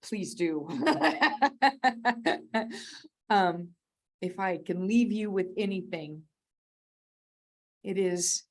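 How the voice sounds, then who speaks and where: A woman's voice: mid-range voice, lively intonation, very slow, long pauses. A middle-aged woman giving a conversational, rambling sermon as a guest speaker, laughing often at herself. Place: church sanctuary.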